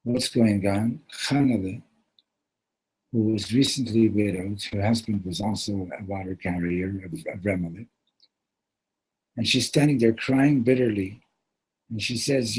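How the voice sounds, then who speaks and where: A man at a yeshiva gathering retelling a Hasidic story in a heartfelt, animated way, mixing in Yiddish and Hebrew words. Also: fairly low pitch, a little slow, pauses often, slightly rough, poor audio.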